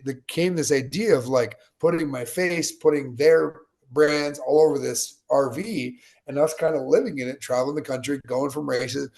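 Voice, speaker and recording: A man's voice: a little high, creaky, a little mellow. A man in his late thirties from Utah, a guest telling a long story in a casual, digressive interview style. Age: late 30s.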